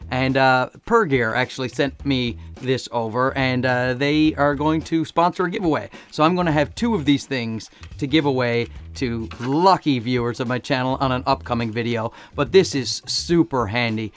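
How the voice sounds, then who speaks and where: A man with a hoarse voice from laryngitis, chatting in a joking, self-mocking way as he reviews camera gear for his vlog. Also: mid-range voice, normal speed, hardly any pauses.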